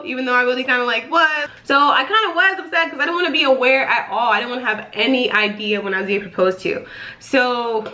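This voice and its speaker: A young woman in her twenties telling a personal story in a casual vlog, animated and chatty, full of "like" fillers. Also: sits high, a little fast. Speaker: vlogger.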